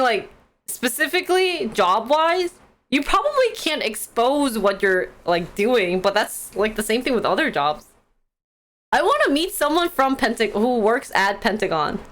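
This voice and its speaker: A woman's voice: fairly high pitch, fairly bright tone. A young woman hosting a live stream, chatting casually and giggling as she reads stock news and answers the chat.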